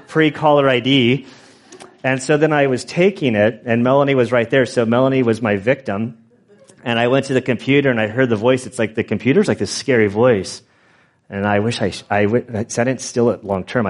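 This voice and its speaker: Chatty man preaching a casual sermon. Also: medium pitch. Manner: chatty and self-deprecating, frequent restarts and asides. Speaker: pastor. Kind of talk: conversational Bible teaching with stories.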